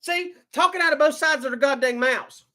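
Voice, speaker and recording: Pitched extremely high and pushed bright, this man talks a little fast as he hosts a live stream. He rants angrily, swearing, and keeps repeating and restarting his words in a heated, profane tirade.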